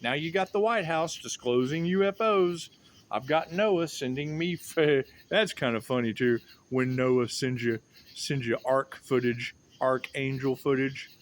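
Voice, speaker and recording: A man's voice: medium pitch, a little slow, a little hiss or hum. Man in a sardonic, repetitive rant. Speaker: tarot reader. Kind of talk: rambling monologue.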